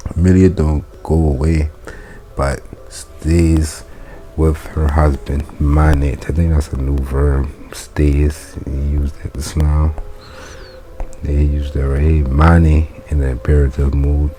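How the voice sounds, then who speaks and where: A man's voice: a bass voice, little pitch movement, slow pace, mellow, slight background noise. A man reading a Latin textbook aloud and translating it as he goes, thinking aloud, correcting himself and chuckling at his slips.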